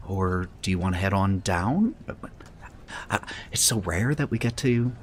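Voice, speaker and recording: A man's voice: low-pitched, animated, measured pace, slight background noise. A man voicing a fussy, doting woman housekeeper in a tabletop game, chatty and full of little fillers.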